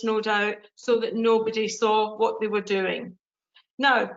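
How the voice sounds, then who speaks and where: A woman's voice: a little high, fairly bright tone. An English woman councillor making an earnest, pointed speech in a council debate, with frequent ums and restarts. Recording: dull lo-fi council chamber audio.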